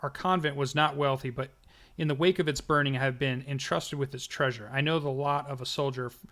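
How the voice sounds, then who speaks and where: A man's voice: medium pitch, steady tone, brisk, a bit bright, natural voice. A man voicing a nun who pleads plaintively with a knight. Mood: pleading. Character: pleading nun from a burned convent.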